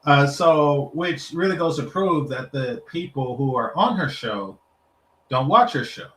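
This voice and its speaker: A man's voice: on the high side, expressive, measured pace, a bit bright, echoey room, low-quality recording. A man giving frank, casual reaction commentary on an interview clip. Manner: frank, blunt, wry.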